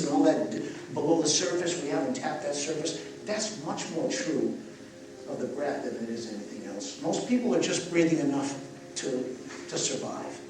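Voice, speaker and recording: An older man teaching breathing to a live audience, animated as he guides them through each breath. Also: on the high side, noisy background. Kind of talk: live workshop talk to an audience. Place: live event venue. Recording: echoey event space, mic from far off.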